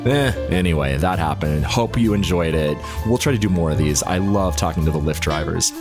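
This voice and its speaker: A man's voice: low-pitched, fairly quick, over music. A man hosting a podcast, casually recounting a story in a chatty, self-deprecating way. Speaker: podcast host.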